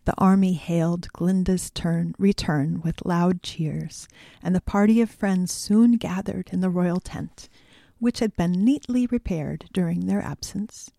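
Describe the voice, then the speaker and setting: A woman narrating a classic children's tale in a measured reading voice. She reads slowly, with a mellow tone that drops at times into soft whispers. The sound is dry and close. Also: fairly low pitch, creaky, dry recording. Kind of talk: storybook audiobook reading.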